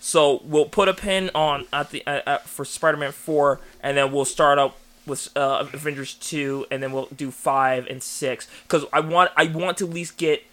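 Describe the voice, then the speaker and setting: A man co-hosting a casual fan podcast, excitable and quick to laugh, often restarting his sentences. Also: a little high. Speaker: podcast co-host. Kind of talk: casual chat.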